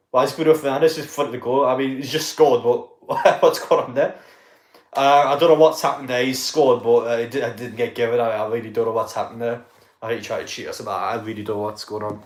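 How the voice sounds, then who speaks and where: A man from North East England streams a live football match, chatting loosely with viewers, swearing and laughing. His voice sits at an ordinary middle pitch, picked up by a desk mic in an echoey room.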